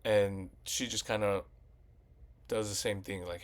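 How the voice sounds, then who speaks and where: A man's voice: on the low side, steady tone, a little slow. A man casually ranting about a movie sequel, rambling and swearing as he retells scenes. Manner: profane, rambling, retells scenes with quoted voices. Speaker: movie commentary vlogger.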